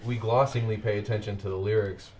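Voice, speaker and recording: A man's voice: lowish voice, steady tone, fast, a loud crowd. A man reviewing soundtrack music with friends, in a rambling, casual way that trails off and restarts. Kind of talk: casual group chat.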